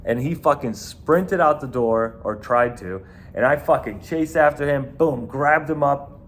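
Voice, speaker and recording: A man's voice: mid-range voice, unhurried, slight background noise. A man with a New York accent, a former bouncer, telling a rambling, profane story in casual talk.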